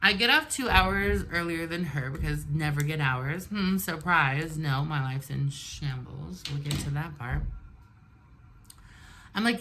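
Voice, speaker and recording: In a low, unhurried voice that's pushed and bright, a woman vlogger in her forties tells a storytime while getting ready and doing her makeup. She vents bluntly and animatedly, with some faint noise behind her.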